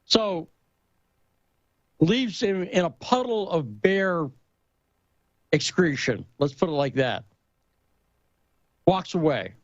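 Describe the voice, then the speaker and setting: A man in casual talk-show conversation, telling a story and joke with lively emphasis. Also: fairly high pitch, slow pace, pauses often, no echo, muffled recording.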